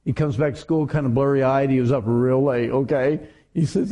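A middle-aged man preaching a sermon to teenagers, telling stories in an animated way. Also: mid-range voice, normal speed, few pauses. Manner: animated storytelling with acted quotes. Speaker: youth preacher.

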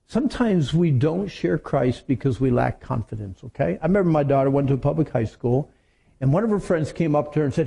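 Man, middle-aged, youth sermon, gravelly, husky, animated storytelling. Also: a little high, brisk. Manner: animated storytelling with acted quotes. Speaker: youth preacher. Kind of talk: sermon to teenagers.

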